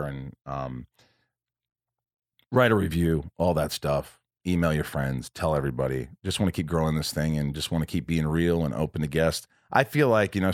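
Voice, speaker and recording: A man's voice: a bass voice, no room sound, clean studio sound. A man hosting a podcast from home in casual chat, rambling along with frequent restarts and self-corrections. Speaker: podcast host.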